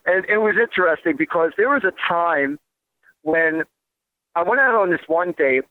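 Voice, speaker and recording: A man's voice: a little high, expressive, moderate pace, no room sound. A man with a New Jersey accent hosting a radio show, rambling casually with lots of fillers and restarts. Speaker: radio host. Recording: tinny phone-like radio line.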